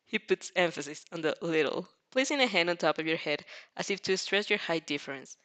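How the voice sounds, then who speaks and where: A fanfic is being read aloud here by a narrator with a mid-range, fairly bright voice, lively intonation, and a brisk pace. The reading is casual and full of reactions, with frequent stumbles and fits of laughter.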